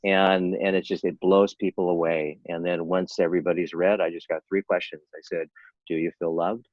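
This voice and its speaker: A man's voice: low-pitched, level tone, brisk, no room sound, muffled recording. A man in his sixties, an interventionist guest, speaking in an earnest, persuasive way with frequent restarts over a video call. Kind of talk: casual interview talk.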